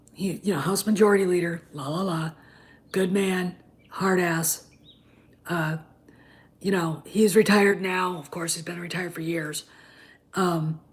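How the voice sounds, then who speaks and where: A woman, chatting casually on a livestream and rambling with many fillers and restarts. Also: lowish voice. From Wisconsin, US. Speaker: livestream host.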